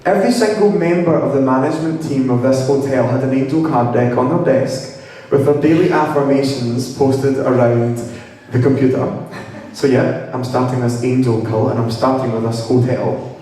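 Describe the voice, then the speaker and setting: A young man tells his personal story to an audience in a lively, humorous way, acting out the dialogue. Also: mid-range voice, moderate pace. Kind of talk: storytelling talk. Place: hall with audience. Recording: echoey hall from far off.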